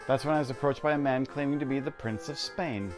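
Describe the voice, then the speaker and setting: A breezy, pompous king from a detective game, brushing off worries with genteel disdain, as a man reads him aloud. The voice sits at an ordinary middle pitch. Faint music plays in the background. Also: fast, lightly acted. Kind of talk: reading game dialogue aloud.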